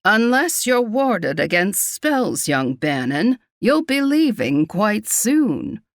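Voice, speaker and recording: A woman voicing a grumbling, dry-witted old woman healer in a storybook romance, speaking slowly and wryly. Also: medium pitch, big pitch swings, dry recording. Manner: slow, wry and grumbling.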